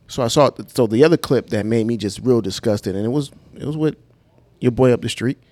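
A man's voice: mid-range voice, fairly quick, a little mellow, no echo. A man on a casual podcast speaking bluntly and indignantly in slangy, everyday talk. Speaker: podcast co-host.

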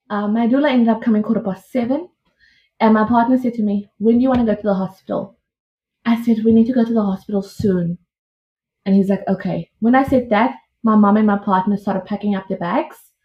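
A woman, a podcast guest telling a personal story in a lively, chatty way, often acting out what people said. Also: medium pitch, lo-fi sound. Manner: lively, chatty retelling with quoted dialogue. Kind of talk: casual storytelling.

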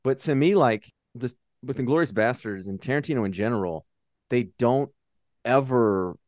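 A man's voice: medium pitch, moderate pace, dry recording, studio quality. A man co-hosting a movie podcast, chatting casually and swearing often as he gets worked up about films. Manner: profane, animated movie talk. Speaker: podcast co-host. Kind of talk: casual chat.

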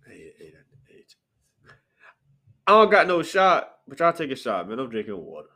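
Animated man with sharp high outbursts. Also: a little slow, pauses often. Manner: animated, jumps into sharp high outbursts then drops to low mutters. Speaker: podcast host. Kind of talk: casual solo podcast chat. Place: apartment room.

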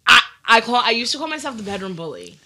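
A young woman co-hosting a podcast, loud, bold and blunt in casual chat, swearing freely. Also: on the high side, very animated, quick pace, very noisy. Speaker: podcast co-host.

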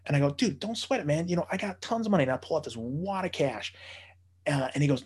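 A man telling a casual anecdote, animated, swearing freely and acting out the voices of the people he quotes. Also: a little high, fast talker, breathy edge. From United States.

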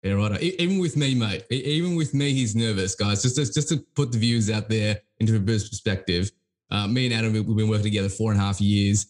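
An Australian man hosting a podcast, casual and teasing, tripping over repeated words as he gets excited. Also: lowish voice, fast talker. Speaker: podcast host. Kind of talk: casual interview chat.

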